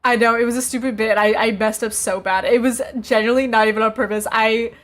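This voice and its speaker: A woman's voice: a little high, fairly even intonation, fast, fairly bright tone. A woman streamer chatting casually and laughing as she looks back on her old clips. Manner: laughing, reminiscing, slangy.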